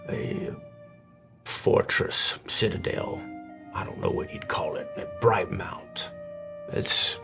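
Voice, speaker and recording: Slow, low-voiced male game master. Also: gravelly. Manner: slow, dramatic storytelling with halting restarts. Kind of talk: narrating a tabletop game.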